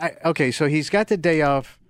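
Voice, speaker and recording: A man's voice: on the high side, fairly quick, clean tone, no room sound. Joking male radio co-host, dry sound. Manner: crude, joking interjections. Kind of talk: morning radio banter.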